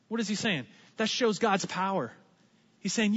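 This pastor preaches in a chatty, energetic way, joking and slipping into brief impressions as he moves from point to point. His high, bright voice sounds a bit muffled and echoes with long reverb through a big church.

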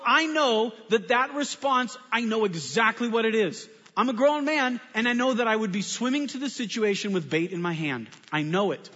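A man, a pastor, telling a story in a sermon with animated, self-mocking humor. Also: sits high, normal speed, few pauses. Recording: muffled sound with long hall reverb.

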